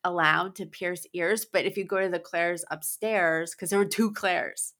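A woman's voice: lowish voice, fairly even intonation, moderate pace, fairly bright tone. A woman co-hosting a podcast, from Long Island, telling casual stories with laughs and swearing. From Long Island, New York. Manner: laughing, profane storytelling. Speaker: podcast co-host. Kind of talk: casual chat.

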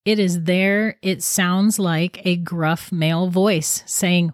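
A woman's voice: fairly low pitch, steady tone, takes it slowly, dry recording, studio quality. A woman casually telling viewers about an eerie recording, chatty and intrigued, often restarting her sentences. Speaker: paranormal storyteller.

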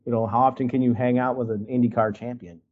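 A man's voice: medium pitch, steady tone, fast, phone-quality sound. Rambling man from Wisconsin on a video call. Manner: rambling, many likes and you-knows, acts out quotes. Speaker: guest artist. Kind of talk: casual storytelling on a video call.

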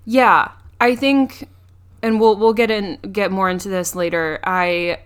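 Smooth-voiced young woman recapping a movie. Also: mid-range voice, fairly even intonation, a little slow. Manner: recounts plot with frequent ums and restarts. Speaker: podcast co-host. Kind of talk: casual movie recap chat.

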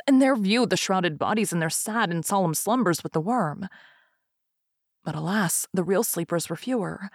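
A woman's voice: medium pitch, no room sound. Woman reading a gothic tale, dry. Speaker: reader.

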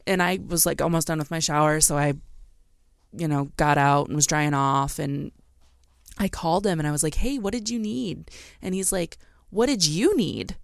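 A woman in her thirties co-hosting a podcast, telling an animated story in casual chat and swearing freely. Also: low-pitched, normal speed, vocal fry, no room sound, studio quality. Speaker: podcast co-host.

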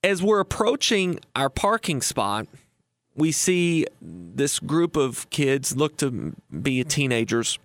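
A man's voice: a little high, no room sound. A man in his thirties hosting a radio show on retirement, telling a story in a folksy, chatty way with fillers and restarts. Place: radio studio.

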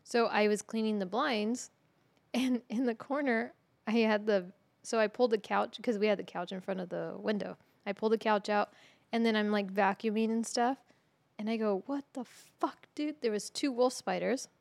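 A woman co-hosting a casual podcast, telling a story in an animated way, swearing freely and laughing through it. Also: medium pitch, normal speed, vocal fry, dry recording. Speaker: podcast co-host.

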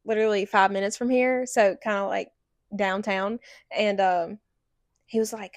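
A young woman co-hosting a podcast tells a story in casual chat, packing it with "like." Her mid-range voice holds a steady tone at normal speed, and there's no room sound.

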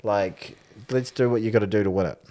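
A man co-hosting a casual rugby podcast, retelling events in an animated, exaggerated way. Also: lowish voice, a little fast. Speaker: podcast co-host.

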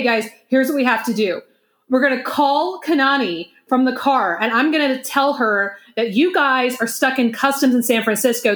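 A woman co-hosting a podcast, telling prank stories in a lively, laughing way and acting out what people said. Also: a little high. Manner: animated storyteller who laughs often and acts out quotes. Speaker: podcast co-host. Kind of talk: casual chat, storytelling. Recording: roomy echo.

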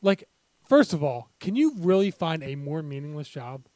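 A high-voiced man talks sports on a podcast, animated and profane, often acting out people in loud bursts. The sound is dry and close, with no room around him. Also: normal speed, dry recording. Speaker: podcast co-host. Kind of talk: casual sports chat.

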